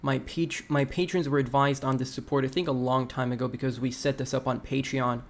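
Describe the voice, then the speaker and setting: A man of ordinary middle pitch hosts a live crypto stream. He talks through charts in a relaxed, conversational way and stops now and then to read viewer messages aloud. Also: brisk, slight background noise. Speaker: crypto livestream host. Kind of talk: casual livestream chart analysis.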